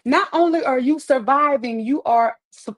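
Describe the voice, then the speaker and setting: Speaking at a normal speed in a high voice, a woman fields comments from viewers during a live stream. She talks into a wireless earpiece, keeps her encouragement upbeat, and repeats phrases often for emphasis in this motivational chat.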